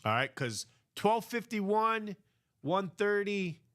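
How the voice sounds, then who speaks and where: A man's voice: sits high, big pitch swings, fairly bright tone. A man hosting a live card break stream, chatting casually and rambling with many fillers. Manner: rambling, slow, filler-heavy.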